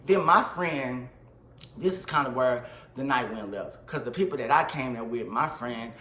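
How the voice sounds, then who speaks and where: Animated slangy man in a roomy space. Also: medium pitch, normal speed, slight background noise. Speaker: vlogger. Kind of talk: storytime vlog.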